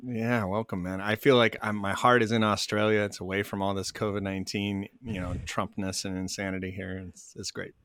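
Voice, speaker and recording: An American man, a guest on a podcast, relaxed and good-humoured in casual conversation. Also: fairly low pitch, fairly quick, few pauses, dry recording, studio quality. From United States.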